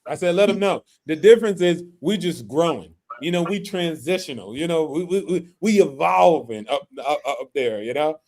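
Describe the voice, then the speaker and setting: A man's voice: on the high side, lively intonation, moderate pace, few pauses, a little mellow, slight background noise. A man in a casual group chat, bantering and playfully mock-offended. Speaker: guest.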